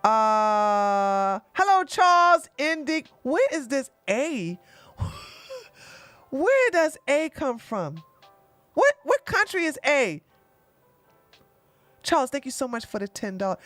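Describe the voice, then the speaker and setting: A woman's voice: sits high, sing-song, slow pace, long pauses, fairly bright tone, no echo, faint music behind. A woman hosting a casual livestream, chatty and exclamatory, thanking viewers by name. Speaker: livestream host.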